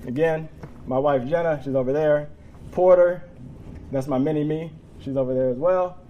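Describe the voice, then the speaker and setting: A man's voice: fairly high pitch, moderate pace, dull audio. A man in his forties giving a personal talk to a live audience. He is emotional, tears up, and laughs between lines. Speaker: public speaker. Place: room with an audience.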